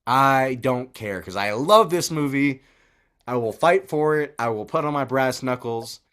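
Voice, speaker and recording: A podcast co-host rambles through a casual movie review, swearing a lot as he gushes over a film he loves. He speaks at a medium pitch, a little slowly, with a slightly bright, clean tone.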